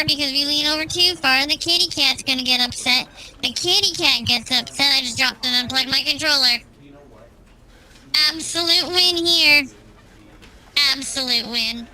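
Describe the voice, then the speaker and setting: A woman's voice: high-pitched, bright, forceful tone, low-quality recording. A woman streaming at home with a cat on her lap, chatting playfully and greeting her viewers one by one. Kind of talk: casual live-stream chat.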